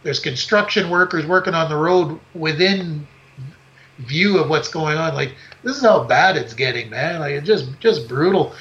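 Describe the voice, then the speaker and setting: A man's voice: a little high, moderate pace. A man co-hosting a podcast, telling a story in casual chat and acting out scenes. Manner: animated storytelling, acts out scenes. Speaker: podcast co-host. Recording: dull lo-fi podcast audio.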